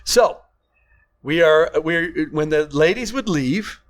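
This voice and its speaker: Older man, grandfather, podcast co-host, slightly high voice, animated storyteller, laughing, casual chat. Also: takes it slowly. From California.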